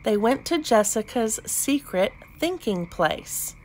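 A woman narrates a children's picture book with gentle expression. She reads slowly in a slightly high voice and gives each line room to breathe. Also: sing-song, slight background noise. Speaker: storybook reader. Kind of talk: children's read-aloud narration.

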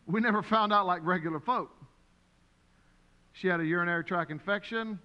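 A man preaches to his congregation in a high-pitched, bright voice. He tells stories with lively acted-out voices. His words ring through a large, reverberant sanctuary. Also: normal speed, pauses often, clean tone, muffled recording. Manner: animated, storytelling with acted-out voices. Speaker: pastor. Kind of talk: sermon. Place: church sanctuary. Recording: long hall reverb.

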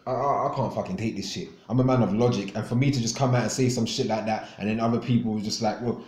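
A man's voice: lowish voice, steady tone, fast talker, darkish tone, reverberant. A man hosting a radio show, ranting angrily with constant swearing and repeated words. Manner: angry, profane, repetitive. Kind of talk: ranting monologue.

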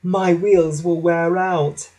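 A man voicing a cheeky little male tank engine in a storybook reading, calling out in shrill excited cries. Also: takes it slowly, husky, full character voice. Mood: anxious.

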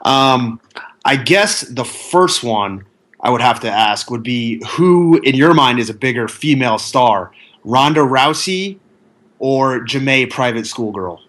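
Guy cohosting a chat, deadpan jokes, slow and halting, average pitch. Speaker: co-host. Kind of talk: casual chat.

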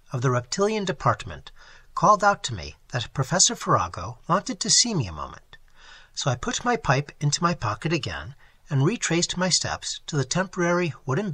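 A man reads a novel aloud with expressive, lively storytelling. His husky, bright voice swings widely in pitch. The recording is close and dry, with no room sound. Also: dry recording. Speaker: audiobook reader. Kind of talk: scripted narration of a novel.

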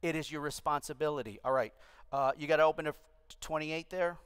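A man's voice: on the high side, fairly even intonation, quick pace, a bit bright, clean tone. A middle-aged man, a pastor, preaching a sermon and urging the congregation to respond aloud. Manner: exhorting, calls for congregation responses. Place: large church auditorium. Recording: long hall reverb.

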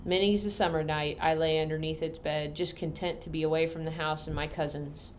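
A woman reading a novel aloud in a folksy, unhurried storytelling manner. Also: deep voice, fairly even intonation, a little hiss or hum. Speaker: reader.

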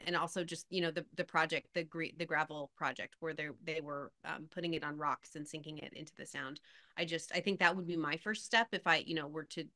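A woman's voice: deep voice, pushed and bright, no echo, studio quality. A woman presenter answering a question in a webinar over a video call, thinking aloud with many "you know" fillers.

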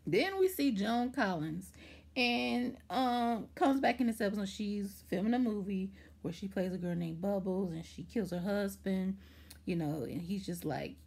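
Woman vlogger, husky breathy tone, rambling chatty recap, mid-range pitch. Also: measured pace. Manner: chatty, rambling, lots of "like" and "anywho"; animated retelling with acted-out quotes. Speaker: TV show reviewer. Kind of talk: casual episode recap vlog.

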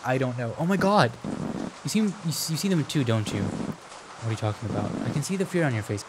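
A man's voice: mid-range voice, lively intonation, a little fast, noisy background. A young man rambling goofily while playing a game, inventing silly words and chatting to characters. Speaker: gaming video host. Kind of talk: let's play commentary. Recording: rain and ambience behind. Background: game rain sounds.

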